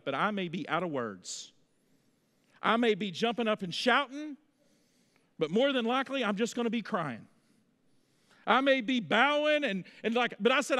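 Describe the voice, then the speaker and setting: High-voiced animated male preacher. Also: long reverb tail. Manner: folksy storytelling, animated. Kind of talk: sermon. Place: church sanctuary.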